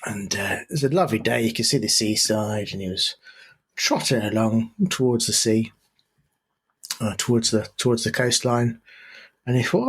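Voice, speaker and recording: A man's voice: lowish voice, moderate pace, slightly rough. A man co-hosting a podcast, telling a long joke in a casual, rambling way with many fillers and restarts. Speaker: podcast co-host.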